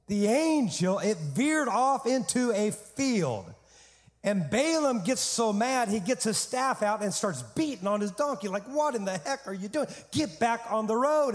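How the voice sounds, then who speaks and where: A male pastor preaching a sermon, telling a story in an animated way with humor. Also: sits high, big-room sound.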